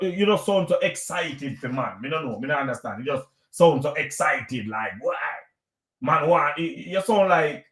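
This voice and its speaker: Jamaican man, live-stream host, lecturing and repeating his points, a touch high voiced, roomy echo. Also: fairly bright tone. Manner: preachy, lecturing, repeats himself. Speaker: vlogger hosting a live stream.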